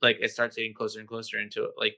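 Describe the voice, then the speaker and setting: Bright, sharp-voiced man chatting casually. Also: fairly low pitch, monotone, racing, gravelly. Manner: loose, swearing, constant "like" fillers. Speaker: podcast co-host. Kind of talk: casual chat recapping a horror film.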